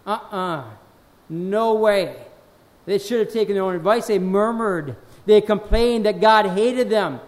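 A man with a notably high voice preaches a sermon, reading scripture with slow, swelling emphasis. Between readings he drops into quieter asides and speaks straight to his listeners, doubling his phrases for effect. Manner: addresses the congregation directly, repeats phrases.

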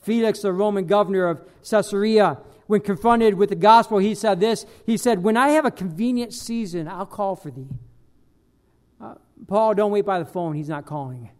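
A man preaching a sermon as pastor, emphatic, swinging between loud bursts and quiet dropped lines. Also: sits high, moderate pace.

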